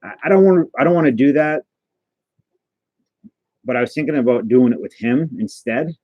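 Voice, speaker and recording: A man's voice: medium pitch, animated, moderate pace, no echo, phone-quality sound. A man hosting a casual livestream, chatting and answering his viewers as he goes. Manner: chatty, answers chat messages aloud, stumbles and restarts. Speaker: livestream host opening trading cards.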